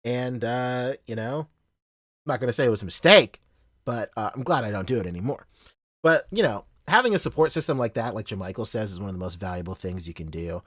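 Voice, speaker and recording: A man's voice: mid-range voice, animated, a little fast, fairly bright tone, no room sound, studio quality. A man in his thirties from the Philippines, with a Southern US accent, hosting a casual livestream and chatting in a rambling way, laughing often and swearing freely. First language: Tagalog. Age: 30s. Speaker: livestream host.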